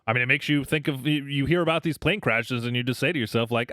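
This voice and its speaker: A man's voice: mid-range voice, quick pace, dry recording, studio quality. A man co-hosting a podcast, chatting casually and ranting with heavy swearing and mocking quoted voices. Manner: profane, animated rants with mocking put-on quotes. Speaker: podcast co-host. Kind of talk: casual chat.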